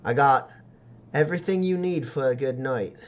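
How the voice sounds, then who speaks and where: A man's voice: mid-range voice, normal speed, highs cut off, pitched above the performer's own voice, natural voice. A man voicing a sly woman street dealer who talks in wheedling sales patter.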